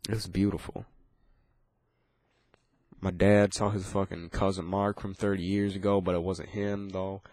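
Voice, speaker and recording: A man's voice: low voice, flat delivery, unhurried, long pauses, a little mellow, dry recording. A man ranting casually, swearing constantly and rambling with frequent restarts. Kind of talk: casual profane rant.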